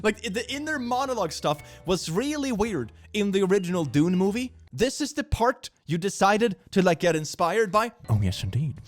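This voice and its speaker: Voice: mid-range voice, big pitch swings, brisk, faint music behind. A comedic commentator reading awful messages aloud in mock-dramatic, sarcastic voices.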